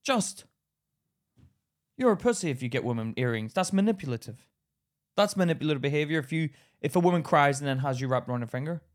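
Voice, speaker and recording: A young man co-hosting a podcast, with a fairly high voice that swings widely in pitch. He is blunt and brash, and he acts out the stories he tells. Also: lively intonation, quick pace. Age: young adult. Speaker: podcast co-host. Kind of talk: casual chat.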